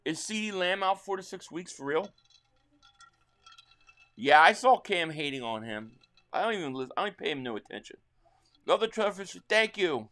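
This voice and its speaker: A man hosting a live sports reaction stream, calling plays excitedly and answering chat, his voice a little worn. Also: sits high, moderate pace, pauses often. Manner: excitable play-by-play calling, reading viewer chat. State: slightly losing his voice.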